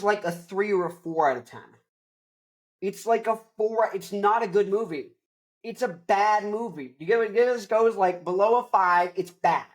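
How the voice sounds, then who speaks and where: A young man hosting his own show, ranting casually about movies in an animated, rambling way, full of "like". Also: high-pitched. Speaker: host.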